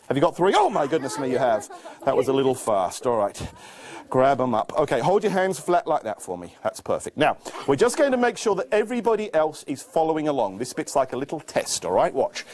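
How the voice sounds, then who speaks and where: Man, children's magician, lively swooping voice, fairly high, playful and coaxing. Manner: playful, animated, coaxing young helpers. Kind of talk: live magic show with teaching.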